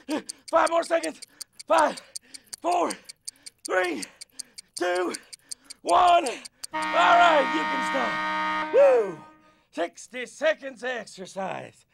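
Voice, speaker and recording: An actor playing a goofy, hyper male sports coach who loudly leads kids through a workout in an educational video. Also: very high-pitched, vocal fry, heavily acted. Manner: loud, pep-talking, bossy and playful. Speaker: fitness coach.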